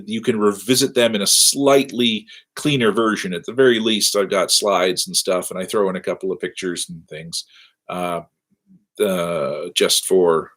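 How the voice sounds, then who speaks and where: A man's voice: lowish voice, a bit bright. A middle-aged man giving a casual live-streamed university lecture from his office, rambling and self-deprecating with lots of fillers.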